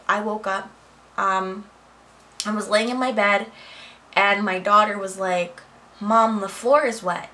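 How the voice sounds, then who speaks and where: A woman's voice: mid-range voice, slight background noise, poor audio. Chatty woman telling a home story. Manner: animated, chatty retelling with quoted dialogue. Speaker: vlogger. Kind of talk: casual storytime vlog. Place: home office.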